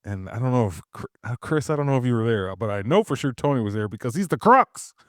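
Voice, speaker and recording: A man of middle pitch talks close into a podcast mic in a dry, deadened room. He is casual and rambling, circling back on his words, throwing in swears and laughing as he goes. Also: lively intonation, fast talker, no echo. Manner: rambling storyteller, swears freely, laughs mid-sentence. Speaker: podcast co-host. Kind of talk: casual chat.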